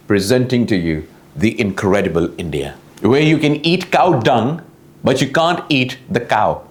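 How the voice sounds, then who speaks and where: A young Pakistani man with a Pakistani English accent hosting a satirical news show, mocking each story and laughing through his own jokes. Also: a little high. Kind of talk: satirical news comedy monologue. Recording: roomy, echoey room.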